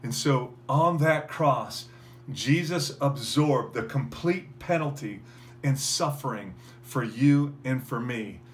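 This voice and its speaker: A man preaching a sermon as pastor, earnest, with frequent fillers and restarts, building to emphatic peaks before dropping to a quiet close. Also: medium pitch, animated, slow pace, slight background noise.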